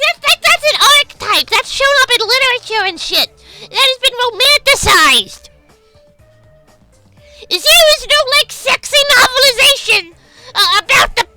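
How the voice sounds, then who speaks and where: Female streamer, casual and profane, pitched very high, talking over clear game music. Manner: blunt, profane, rambling.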